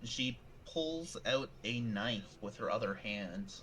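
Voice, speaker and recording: A man's voice: lowish voice, animated, slow pace, a bit bright, a little hiss or hum, low-quality recording. A man narrating a tabletop horror game as game master, with loose, rambling description full of fillers.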